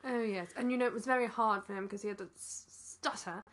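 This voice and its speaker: A woman with a middle-pitched voice co-hosts an improvised comedy chat. She asks questions and drops dry, teasing quips. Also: quick pace, fairly bright tone. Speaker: comic co-host asking questions.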